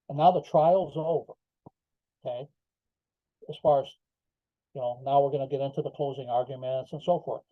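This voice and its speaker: A man's voice: mid-range voice, dry recording. An older man, a podcast guest, telling his story emphatically with rhetorical asides. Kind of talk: interview storytelling. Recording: slightly dull lo-fi audio.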